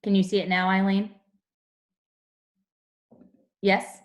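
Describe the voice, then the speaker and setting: A young woman teaching a phonics lesson to young children over a video call, explaining slowly and clearly. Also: mid-range voice, flat delivery. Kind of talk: online class phonics lesson.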